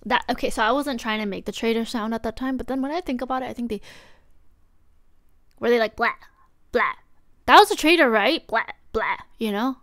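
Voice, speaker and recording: A woman's voice: fairly high pitch, fast talker, hardly any pauses, fairly bright tone. Rambling young woman streaming. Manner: rambling, thinking aloud, trailing off. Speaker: livestreamer. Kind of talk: casual stream chat.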